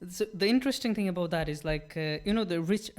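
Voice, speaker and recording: A man's voice: high voice, quick pace. A man from Nepal in a casual podcast talk, asking questions and sharing thoughts with hesitant fillers. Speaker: podcast co-host. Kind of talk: casual discussion.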